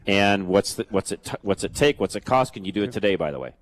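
On location for a live remote radio broadcast, a male host talks fast in a fairly low, expressive voice. He's chatty and upbeat, repeating callers' details back.

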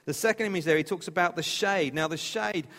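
A man preaching in a relaxed, conversational manner, now and then stumbling and restarting a phrase. His voice sits a little higher than most men's, and the long reverb of a big hall trails after each line. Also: brisk. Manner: conversational, plain-spoken, with restarts. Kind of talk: sermon.

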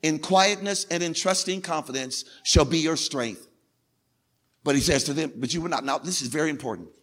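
Bright high-voiced preacher in a big hall. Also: male voice, normal speed. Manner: call-and-response, repeats phrases for emphasis. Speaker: pastor. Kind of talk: sermon. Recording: long hall reverb from a big room.

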